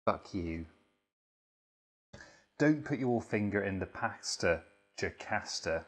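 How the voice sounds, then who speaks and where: Deadpan man reading with lively pitch. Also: takes it slowly, long pauses. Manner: deadpan delivery broken by swearing asides. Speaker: host reading aloud. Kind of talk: mock children's reading and lecture.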